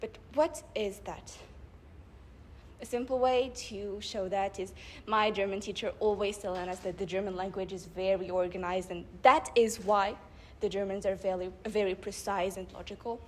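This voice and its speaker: A young woman delivering a public speech at a debate club event, building her points with rhetorical questions and measured emphasis. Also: medium pitch, steady tone, a little hiss or hum. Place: live event before an audience.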